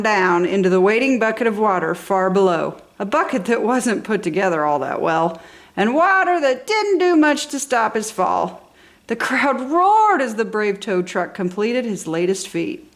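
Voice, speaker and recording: A woman reads a children's storybook aloud with plenty of enthusiasm. Her voice sits at an ordinary middle pitch, and she stays expressive from line to line. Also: normal speed, hardly any pauses. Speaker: storybook reader.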